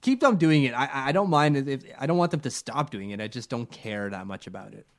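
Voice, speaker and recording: A man's voice: mid-range voice, lively intonation, quick pace. A young man co-hosting a casual sports chat, joking and acting out silly voices as he talks. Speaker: podcast co-host.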